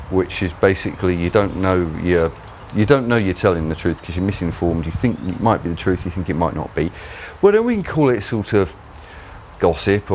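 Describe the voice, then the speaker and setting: A man runs his own channel, offering a rambling, mocking solo commentary. His voice is low-pitched, with a bit of background noise in the recording.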